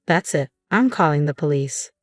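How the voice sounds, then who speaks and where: Woman doing a worried protective guy, earnest, low voice. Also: animated, normal speed, no room sound, clean studio sound, faint music behind. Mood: concerned. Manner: earnest, reassuring. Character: concerned adult male neighbor, protective.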